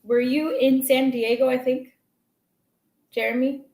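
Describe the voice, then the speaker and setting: A woman's voice: sits high, steady tone, a little slow, a little mellow. A woman hosting a livestream in casual chat, playful and teasing, often laughing. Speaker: livestream host. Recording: roomy echo.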